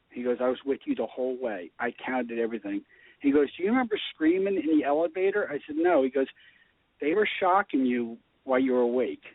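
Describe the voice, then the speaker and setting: A man telling his story in a casual radio chat, animated and acting out the dialogue. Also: fairly high pitch, fast, no room sound. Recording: tinny phone line.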